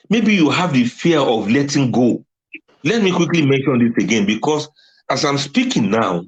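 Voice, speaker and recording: A man's voice: medium pitch, muffled recording. Man giving an emphatic religious talk. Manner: emphatic, laughs often at his own points. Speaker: Islamic speaker.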